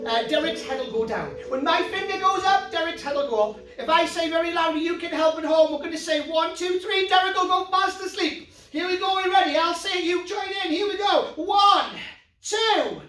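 Playful North East English man, children's magician, high-pitched, recorded roomy and distant. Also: moderate pace. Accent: Geordie. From North East England. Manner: playful, excitable, talks straight to the kids at home. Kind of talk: children's comedy magic show.

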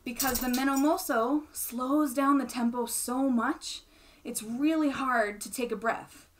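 Brief: young female music teacher, slightly high voice, patient explanatory delivery. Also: measured pace. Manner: patient, explanatory, checks in with "right?". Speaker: bassoon teacher. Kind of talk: instructional explanation.

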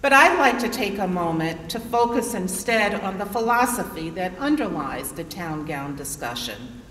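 Woman, 60s, formal keynote speech, rhetorical questions, animated pitch, roomy echo. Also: normal speed. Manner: rhetorical, poses questions to the audience. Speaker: keynote speaker, association president. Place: large conference hall. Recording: roomy reverberant hall, distant mic.

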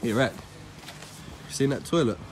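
A man quietly egging on his prankster friend with teasing questions. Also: medium pitch, measured pace. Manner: quiet teasing prompts, laughing. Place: in public, away from the mic. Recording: distant, echoey, noisy street.

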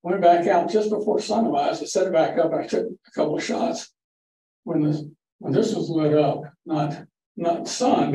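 A man's voice: a little high, warm tone. Folksy older man giving a photo talk. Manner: folksy, anecdotal, rambling. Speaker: guest photography presenter. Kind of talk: casual slide-show talk. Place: library meeting room. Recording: echoey room from far off with faint hiss.

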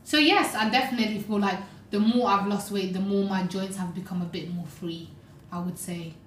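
A woman's voice: mid-range voice, fairly quick, echoey room, a little hiss or hum. A young woman chatting on a podcast, telling stories animatedly with lots of "like" and "you know". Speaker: podcast co-host. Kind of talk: casual podcast chat.

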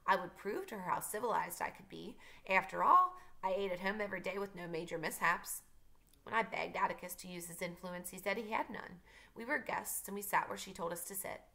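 A woman teacher reading a novel aloud to her class, telling it in a steady way and adding casual asides. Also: mid-range voice, fairly quick, gravelly.

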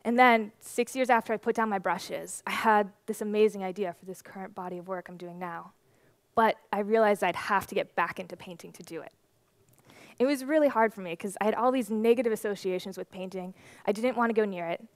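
A young woman in her twenties speaks from a conference stage into a stage microphone. She tells her story in a lively, animated way. The sound is dry and close, with almost no room echo. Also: mid-range voice, fairly quick. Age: 20s.

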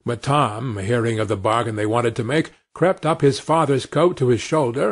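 A man reading a fairy tale aloud as storybook narration for English learners, expressive and clear in delivery. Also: mid-range voice, moderate pace, hardly any pauses.

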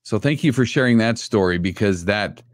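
Male host, low voice, dry close sound, appreciative. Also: animated, moderate pace, no room sound. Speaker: show host. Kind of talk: casual interview hosting.

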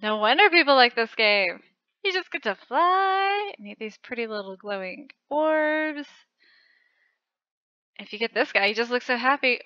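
A woman hosting a channel, giving excited commentary as she plays a game, gushing and squealing at close calls. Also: sits high, normal speed, no echo, highs cut off. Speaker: channel host.

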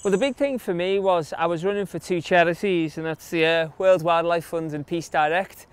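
A man's voice: fairly high pitch, moderate pace, slight background noise. A young adult man from England with an English accent, casually telling stories from his run in an interview, chatty and full of fillers. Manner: chatty, anecdotal, many fillers. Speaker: interviewee, long-distance runner.

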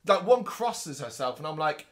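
A man co-hosting a podcast, chatting casually and recapping a movie in an animated way, with quick asides in put-on voices. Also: fairly high pitch. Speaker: podcast co-host. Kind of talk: casual movie review chat.

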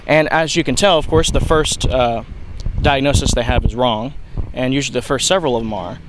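Young man, mid-pitched, rambling lecture delivery with restarts, faint noise behind. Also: brisk. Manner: rambling, with frequent restarts and fillers. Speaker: video lecturer. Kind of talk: unscripted explanatory talk.

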